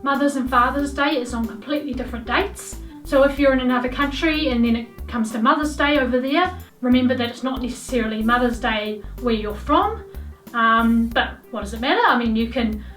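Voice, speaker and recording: A woman's voice: on the high side, a little fast, fairly bright tone. A young woman with a New Zealand accent, chatting casually to camera in a rambling way with lots of ums. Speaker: vlogger. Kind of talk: casual vlog chat. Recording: roomy echo, voice from a distance, light background music.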